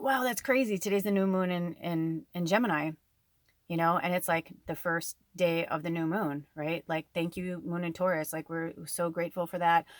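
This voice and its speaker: A woman's voice: on the low side, no echo. Chatty woman giving spiritual guidance. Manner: rambling and chatty, many fillers. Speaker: tarot reader and spiritual medium. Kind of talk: casual spiritual talk to viewers.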